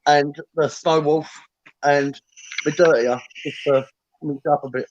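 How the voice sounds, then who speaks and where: A man joining a casual livestream as a guest, talking haltingly with lots of fillers. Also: on the high side, fairly even intonation, highs cut off.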